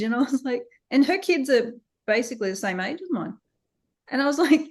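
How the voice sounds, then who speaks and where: Speaking fairly quickly in a high-pitched voice, a thirtysomething Australian founder opens up in a candid interview. She's full of energy, laughing frequently as she imitates how others talk.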